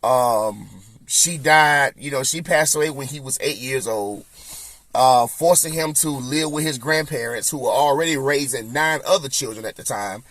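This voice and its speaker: A man's voice: mid-range voice, normal speed, a bit bright. A man hosting a podcast, chatting loosely and rambling with lots of fillers. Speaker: podcast host. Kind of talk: casual chat.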